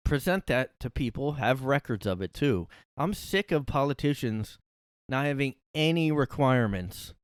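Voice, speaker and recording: A man's voice: mid-range voice, expressive, normal speed, clean tone, no room sound, studio quality. A man hosting a solo comedy podcast from his room, ranting in a rambling, profane, sarcastic way. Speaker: podcast host.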